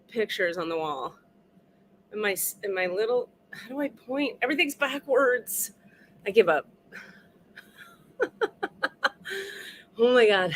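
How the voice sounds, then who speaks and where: A woman's voice: mid-range voice, normal speed, long pauses, fairly bright tone, slight background noise. Chatty, cussing woman live-streaming. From California. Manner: chatty, profane, self-mocking, playful. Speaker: livestream spiritual host. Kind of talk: casual livestream chat. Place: rented home indoors.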